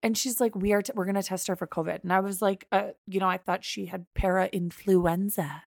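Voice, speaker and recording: A woman's voice: mid-range voice, steady tone, fairly quick, gravelly, no room sound, clean studio sound. A young woman co-hosting a podcast, retelling a story in casual chat and acting out both sides of the quoted dialogue. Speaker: podcast co-host.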